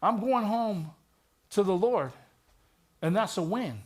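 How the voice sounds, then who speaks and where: A man's voice: high-pitched, animated, slow. A middle-aged man, a retired police detective, giving a vivid personal testimony in a church with touches of wry humor.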